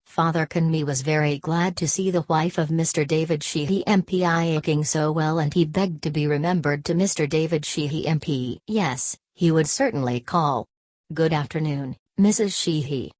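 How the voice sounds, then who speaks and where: A woman reading a classic novel aloud as an audiobook narrator, in a measured, even delivery. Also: low-pitched, no room sound. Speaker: audiobook reader. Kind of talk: scripted literary narration.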